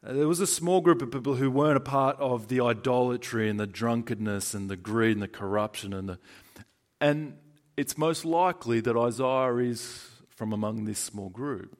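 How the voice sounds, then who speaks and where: Australian man, sermon, chatty and emphatic, swings from loud to hushed, mid-pitched voice. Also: normal speed. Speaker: preacher.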